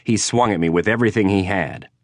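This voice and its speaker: A man with a very deep voice reads a first-person audiobook in a dry, wry, understated way. The studio sound is close with no room at all. His delivery stays level and unhurried. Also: no echo. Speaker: audiobook narrator. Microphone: close studio mic.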